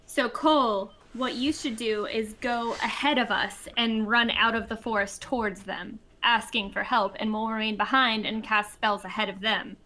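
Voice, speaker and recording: A woman's voice: a little high, steady tone, moderate pace, hardly any pauses, pushed and bright, low-quality recording. A woman playing a tabletop game, thinking out her plan aloud with "like" fillers. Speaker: player. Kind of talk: casual tabletop play.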